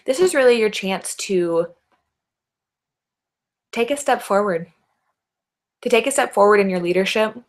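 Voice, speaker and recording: With a mid-range voice, lively intonation and an unhurried pace broken by long pauses, a middle-aged life coach addresses a camera on her own. She encourages her listeners, frequently tossing out rhetorical questions tagged with "right?".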